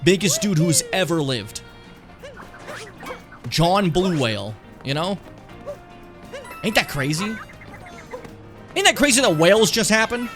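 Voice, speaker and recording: A man streaming a game who rambles and rants with plenty of swearing and sarcasm. His voice sits a little high for a man. Game music plays clearly underneath. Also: big pitch swings, measured pace, pauses often, a bit bright. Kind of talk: casual gameplay commentary.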